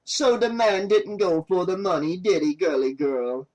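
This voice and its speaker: A man's voice: high-pitched, unhurried, a little mellow. A man voicing a laid-back stoner cameraman who puts on an overdone mock Jamaican accent and teases lazily. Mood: teasing. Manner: lazy, teasing, says "darling".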